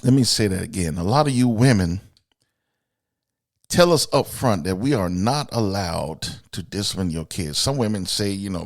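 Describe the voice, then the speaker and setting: A man hosting a podcast, delivering a blunt, profane, opinionated monologue aimed at women, swinging between loud outbursts and low asides. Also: animated, moderate pace. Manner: blunt, profane and emphatic, addressing women directly. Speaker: podcast host.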